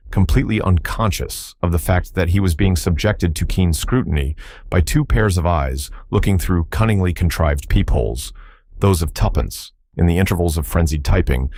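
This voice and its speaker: A man reads an audiobook in a measured, wry storytelling manner. His voice is very low, recorded close and dry. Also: a little mellow, no echo. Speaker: audiobook narrator. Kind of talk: scripted narration.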